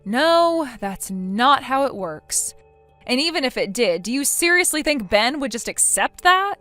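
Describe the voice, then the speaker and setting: A woman's voice: sits high, big pitch swings, unhurried, bright, forceful tone, dry recording, soft background music, full character voice. A woman voicing a blunt, lecturing female friend. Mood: stern. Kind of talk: text story narration.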